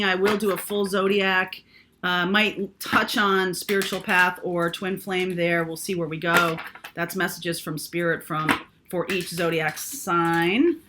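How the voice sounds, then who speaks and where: A woman's voice: medium pitch, background noise. A woman doing a casual, chatty tarot reading, thinking aloud with lots of fillers. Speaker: tarot reader.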